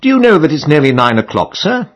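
A male reader voicing a fussy elderly landlady in a high, fluttery falsetto with a common turn of speech. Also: sing-song, fast.

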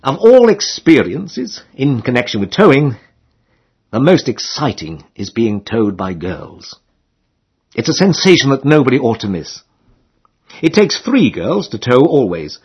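Guy reading a funny old novel out loud, husky voice, very lively up and down. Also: mid-range voice. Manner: wry, storytelling delivery. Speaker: audiobook narrator. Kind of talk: scripted narration of a comic novel.

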